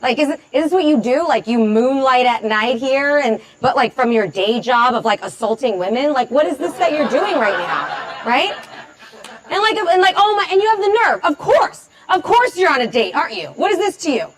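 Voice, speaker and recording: An actress playing a thirty-year-old stand-up comedian who sarcastically tears into a heckler, with lots of filler words. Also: female voice, sits high, very animated, moderate pace, rough recording. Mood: sarcastic. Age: 30s. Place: comedy club stage.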